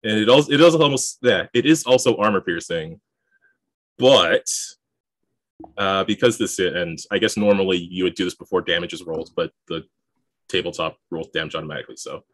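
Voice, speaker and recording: Low-voiced man running a tabletop game. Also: brisk, a bit bright, no echo. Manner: explains rules while thinking aloud, chuckles often. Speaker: game master. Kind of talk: narrating and adjudicating a tabletop game.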